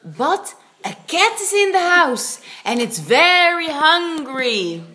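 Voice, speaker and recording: Woman, children's story narrator, expressive, animated pitch, unhurried. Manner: slow, simple, expressive read-aloud for young learners.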